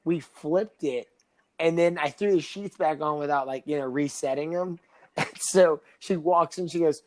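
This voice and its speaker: A man's voice: fairly high pitch, normal speed, darkish tone. A young man co-hosting a casual podcast, laughing often and stumbling over repeated words as he tells stories. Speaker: podcast co-host. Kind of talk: casual chat.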